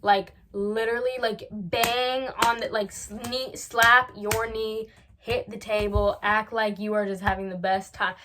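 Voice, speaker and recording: A woman's voice: medium pitch, level tone, unhurried, background noise. A young woman giving comedic advice as a vlogger, rambling and acting out both sides of little dialogues.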